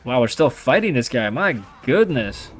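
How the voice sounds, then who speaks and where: A man's voice: mid-range voice, very animated, moderate pace, soft background music. A young man giving casual, rambling commentary over his own strategy gameplay, chatty and full of fillers and restarts.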